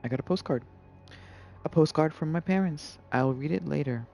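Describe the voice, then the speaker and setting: Gravelly and darkish in tone, a man's slightly high voice comes through lo-fi sound at a moderate pace. He's live-streaming gameplay with game music in the background, rambling in a relaxed way with plenty of "like" and "you know."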